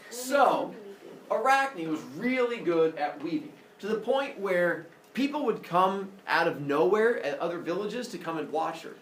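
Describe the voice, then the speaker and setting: A man's voice: a little high, fairly bright tone, slight background noise. A young man teaching a class, retelling myths in a playful way with sound effects and asides. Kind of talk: animated classroom storytelling. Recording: echoey classroom, camera far off.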